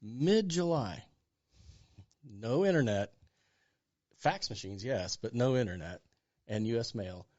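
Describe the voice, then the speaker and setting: A man in his sixties, a pastor being interviewed, telling a story with lively acted-out dialogue. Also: medium pitch, slow, long pauses, lo-fi sound. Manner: animated storyteller acting out dialogue. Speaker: pastor and guest.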